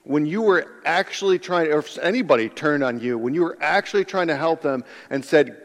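A man's voice: on the high side, brisk, few pauses. A man preaching a sermon in a conversational way, explaining words and asking his listeners rhetorical questions. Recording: long hall reverb.

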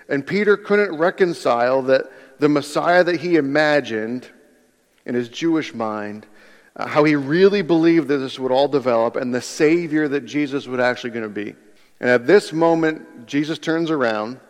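A male pastor giving a conversational sermon, often restarting his sentences and acting out quotes. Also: on the high side. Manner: conversational, animated preaching with frequent restarts and acted-out quotes. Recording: long hall reverb.

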